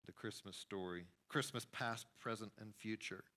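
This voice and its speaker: A man preaching a sermon as pastor, emphatic, with sudden rises and hushed drops. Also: on the low side, normal speed. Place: church sanctuary.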